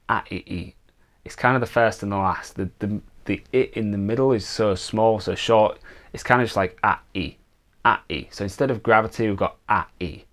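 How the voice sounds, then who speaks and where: A man with a fairly low voice gives a casual songwriting lesson. He explains each point patiently and step by step, and often fills pauses with "uh" and "um". His accent is not American. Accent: non-American English. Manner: relaxed, explains step by step with many "uh" and "um" fillers. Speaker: songwriting teacher.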